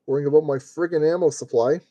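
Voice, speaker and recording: A man's voice: on the high side, quick pace, warm tone, no room sound, dull audio. A man talking to himself as he streams a model kit build, grumbling at fiddly parts and cracking jokes as he works. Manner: grumbling, joking self-talk while working. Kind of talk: live-stream building commentary.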